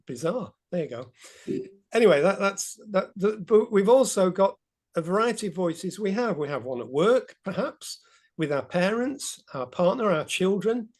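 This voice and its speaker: A man with a high voice leads a group talk over a video call. He is chatty and rambles a little, with easy laughs. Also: darkish tone. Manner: chatty, meandering, light laughs.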